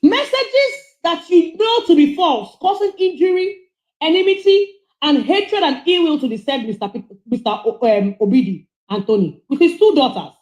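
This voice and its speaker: A woman's voice: very high voice, expressive, normal speed, darkish tone, reverberant, dull audio. A woman giving passionate, scolding commentary on a livestream as she reads out charges.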